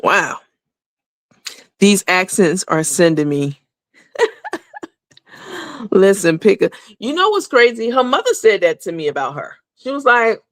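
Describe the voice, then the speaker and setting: A woman's voice: medium pitch, very animated, measured pace, long pauses, no room sound, studio quality. A woman hosting a casual celebrity gossip rundown, blunt and candid, with frequent filler words. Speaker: gossip show host.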